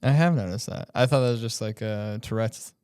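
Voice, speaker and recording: Smooth-voiced young man teasing on a podcast. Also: fairly low pitch, a little fast, darkish tone, dry recording, clean studio sound. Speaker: podcast co-host. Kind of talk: casual chat.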